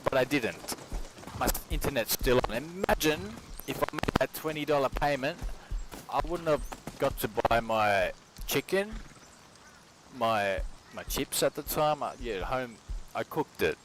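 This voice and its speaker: A man from Australia, mid-range in voice and unhurried, streams casually from his home kitchen while cooking. His talk wanders and is laced with profanity and slang, and the recording is noisy.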